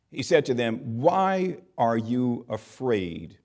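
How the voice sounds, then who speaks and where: A man preaching a sermon, reading scripture slowly and emphatically, with dramatic rises in pitch and loudness. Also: sing-song.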